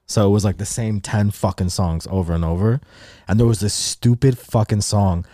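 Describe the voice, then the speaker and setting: Young male co-host, casual storyteller, profane, lively, dry close mic. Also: fairly low pitch, moderate pace, dry recording. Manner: animated, profane, acts out quotes. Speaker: podcast co-host.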